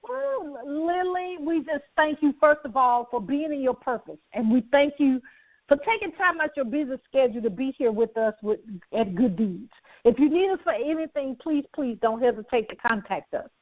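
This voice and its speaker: Woman host, high and effusive, motivational patter; dry, phone-like audio. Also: lively intonation, moderate pace, no echo. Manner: effusive, repetitive, laughs often. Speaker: talk show host. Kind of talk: enthusiastic broadcast talk.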